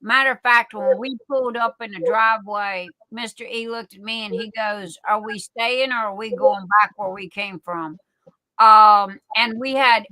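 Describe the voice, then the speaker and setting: Lady rambling stories on a live stream, bright voice, dry close mic, keeps repeating herself. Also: mid-range voice, dry recording, rough recording. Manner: folksy, repeats and restarts words. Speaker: livestream guest. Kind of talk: casual storytelling chat.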